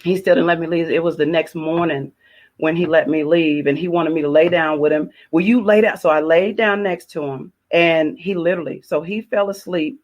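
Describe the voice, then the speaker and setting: A woman's voice: sits low, fairly even intonation, moderate pace, highs cut off. A woman sharing her personal testimony, telling it with emotion, repeating key phrases and acting out her own prayers.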